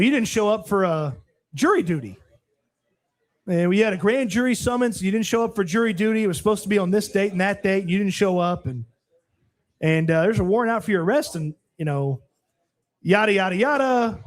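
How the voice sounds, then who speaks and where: A man with a notably high voice tells a story on a casual sports talk show. He co-hosts and talks with animation, acting out both sides of the conversation. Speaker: co-host. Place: live show at a restaurant.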